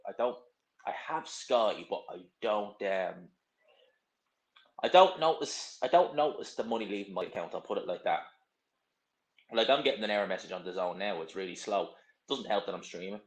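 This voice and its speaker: A young man with a slightly low voice talks casually on a live stream, answering viewer comments. He is blunt and opinionated, and he drifts from point to point. The sound has a roomy echo. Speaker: livestream host.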